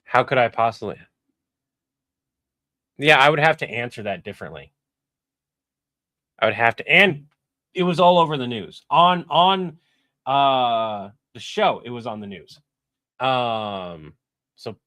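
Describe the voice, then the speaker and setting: A man's voice: mid-range voice, sing-song, pushed and bright, no echo. A man voice actor chatting casually on a live stream while editing, rambling and critical of his own takes. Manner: rambling, self-critical, halting. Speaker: voice actor and video editor.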